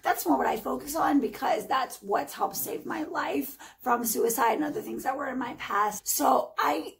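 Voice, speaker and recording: A woman in her forties with a high voice that keeps dropping into a gravelly fry. She rants on her own vlog in an emphatic, sarcastic way, talking straight at her critics. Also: normal speed, a little hiss or hum, poor audio. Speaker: vlogger. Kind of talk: heated casual vlog rant.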